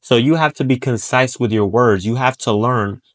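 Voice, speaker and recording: A man's voice: medium pitch, normal speed. A man giving a motivational monologue about persuasion, blunt and profane, hammering his points home by repeating them. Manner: blunt and profane, acts out short quoted voices; emphatic, repeats key points. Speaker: self-improvement speaker.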